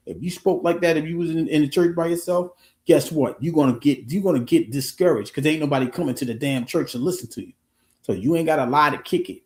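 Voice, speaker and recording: A man's voice: on the high side, fast, a little mellow, echoey room. A man talking earnestly on his own livestream, restarting his sentences often and swearing casually. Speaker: live streamer. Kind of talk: casual motivational livestream talk.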